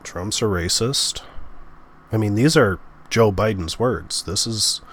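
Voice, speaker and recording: A man's voice: on the low side, slow, a bit bright, breathy edge. A man giving political commentary in a vlog, sarcastic in tone and sighing between his points.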